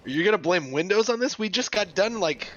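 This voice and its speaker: A man in casual chat, teasing with quick retorts. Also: sits high, lively intonation, fairly bright tone, lo-fi sound.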